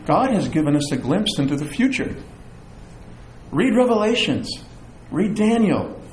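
A middle-aged man preaching a sermon as pastor, animated, with chatty asides and self-deprecating humor. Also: a little high, measured pace, slight background noise. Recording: echoey room with faint ambience.

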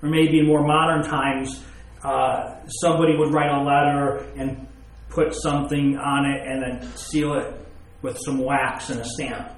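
Male preacher, slightly raised pitch, explaining scripture with homely examples, echoey room. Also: a little hiss or hum. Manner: explains with everyday examples and rhetorical questions. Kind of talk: sermon with scripture reading.

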